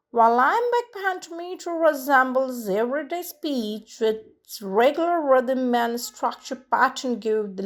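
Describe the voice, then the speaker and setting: A woman teaching a literature lesson, reading slowly and deliberately and tapping out verse rhythms syllable by syllable. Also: high-pitched, fairly bright tone. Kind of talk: slow, read-aloud lesson.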